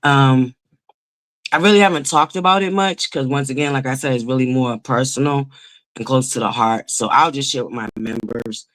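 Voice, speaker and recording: A woman's voice: very deep voice, normal speed. Woman, livestream host, casual chat, greets viewers by name.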